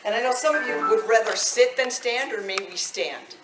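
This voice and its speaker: A woman's voice: fairly high pitch, normal speed, over music. Chatty woman in her fifties teaching voice. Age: 50s. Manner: chatty, animated, laughs often. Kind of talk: live vocal workshop. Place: indoor workshop room. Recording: echoey room, mic at a distance.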